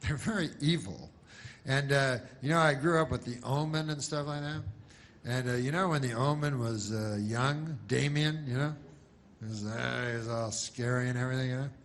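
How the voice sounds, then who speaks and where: A male stand-up comedian telling jokes in a deadpan, rambling way, full of restarts and filler. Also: medium pitch, normal speed, slight background noise.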